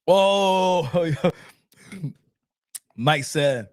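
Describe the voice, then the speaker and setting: A man hosting a casual boxing live stream, animated and laughing, often repeating himself and switching between languages. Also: very high-pitched, normal speed, dry recording, studio quality.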